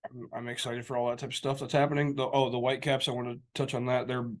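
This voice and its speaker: A man's voice: mid-range voice, flat delivery, quick pace. Laid back guy rambling on a podcast, mid voice. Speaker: podcast co-host. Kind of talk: casual chat.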